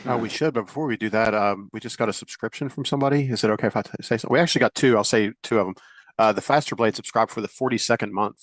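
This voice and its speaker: A man's voice: fairly low pitch, rapid-fire, no room sound. A man co-hosting a comedy stream, casually reading out subscriber announcements. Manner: casual and chatty.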